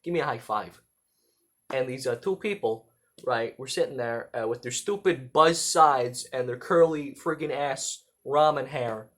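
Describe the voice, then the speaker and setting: A young man talking casually into a camera from a room, rambling and halting with lots of fillers and the odd swear word. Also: mid-range voice, a bit bright. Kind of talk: casual vlog monologue. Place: indoor room at home.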